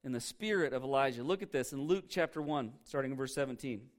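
A man's voice: medium pitch, animated, fast. A male pastor preaching a sermon in a church, emphatic and conversational, throwing rhetorical questions at the congregation.

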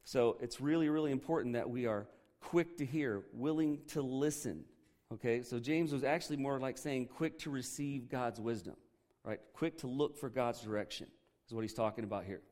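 A man preaching a Bible lesson in a conversational, joking way. He often checks in with "okay" and "right" and slows down to stress key words. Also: mid-range voice, darkish tone. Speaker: pastor teaching a Bible lesson. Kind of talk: sermon.

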